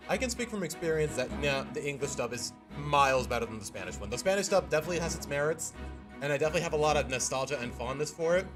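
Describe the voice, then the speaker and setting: A man streamer in casual livestream chat, rambling and often restarting with "you know what". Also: fairly high pitch.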